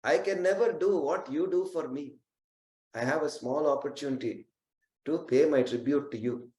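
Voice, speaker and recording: A man's voice: a little high, moderate pace, dark tone, lightly acted. A man voicing a brave young daughter. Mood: earnest. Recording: roomy echo.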